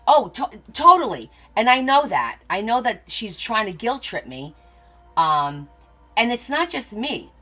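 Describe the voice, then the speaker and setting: A woman's voice: a little high, very animated, a little slow, a bit bright, faint music behind. A middle-aged woman hosting a crafting livestream, chatting casually with viewers and answering their comments as she tells stories. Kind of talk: casual chat with live viewers.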